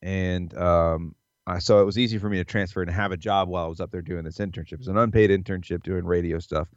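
A man's voice: deep voice, steady tone, fast talker, no room sound, dull audio. A man from the South, hosting a podcast in a rambling, laid-back casual chat full of fillers. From American South. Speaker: podcast host.

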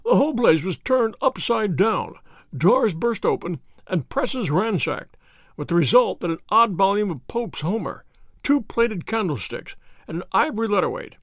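A man voicing a bluff, hearty old army colonel who talks briskly and emphatically. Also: high voice, sing-song, fairly bright tone, dry recording, clean studio sound, pitched above the performer's own voice, exaggerated voice.

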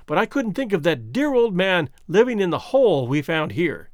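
A man voicing a devoted, hurt young gentleman in an audiobook, pleading earnestly. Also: sits high, very animated, normal speed, no echo, clean studio sound. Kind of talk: audiobook character reading.

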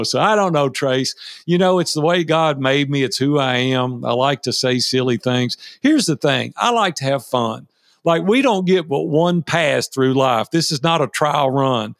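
A middle-aged man with a Southern drawl, a business owner being interviewed, folksy and quick to laugh as he tells stories. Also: a little high, animated, vocal fry, no echo, studio quality. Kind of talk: conversational interview.

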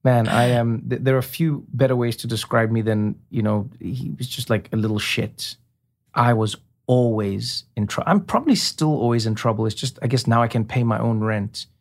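A man, a comedian talking as a guest in a casual interview, animated and quick to slip into imitations. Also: medium pitch. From South Africa. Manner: animated storyteller, slips into imitations.

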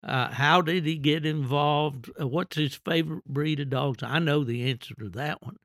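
A male podcast host eagerly steers the talk with a string of questions. His voice sits a little high. The recording is dry and close. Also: moderate pace, fairly bright tone, dry recording. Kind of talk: podcast interview.

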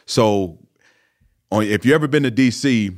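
A former pro football player, 30s or older, tells a story as an interview guest in a low voice. He's animated and speaks at a moderate pace, with frequent fillers and restarts in this casual storytelling.

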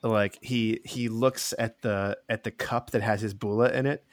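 A man's voice: lowish voice, steady tone, measured pace, dry recording. A man narrating a tabletop game as game master, wry, slipping into character voices.

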